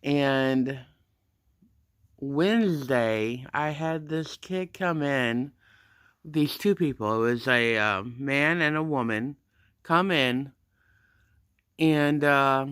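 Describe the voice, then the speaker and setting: A man's voice: extremely slow, long pauses, clear, resonant tone, no echo, studio quality. A man telling a work story as a casual rant, acting out both sides of the dialogue. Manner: animated, acts out the dialogue with pitch jumps. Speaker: gym front desk attendant.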